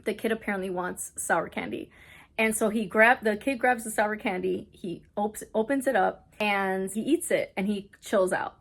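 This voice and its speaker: A young woman talks to her camera in a casual book vlog, chatty and excitable, with "like" in nearly every sentence. Her pitch sits in the middle range for a woman. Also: normal speed, vocal fry. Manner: chatty, excitable retelling full of "like". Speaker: book vlogger. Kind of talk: casual reading vlog chat. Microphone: camera on a stand, not handheld.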